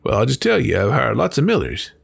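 A blunt older country miller talks plainly with a gravelly, husky voice, as a man puts him on. His pitch rises and falls a lot. Faint music plays behind. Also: huge pitch swings, fast talker, dry recording, heavily acted. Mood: blunt, gruff.

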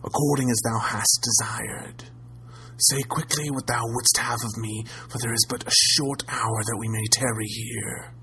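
A man reading a story aloud and voicing a withered ancient crone in a hushed, slow, ominous whisper. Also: medium pitch, steady tone, creaky, a little hiss or hum. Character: withered ancient witch-like crone, sly and sinister.

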